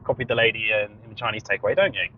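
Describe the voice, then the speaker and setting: A man co-hosting a podcast in casual chat, telling stories in an animated way and laughing often, recorded inside a car. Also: fairly low pitch, very fast, slight background noise. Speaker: podcast co-host. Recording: dull lo-fi recording.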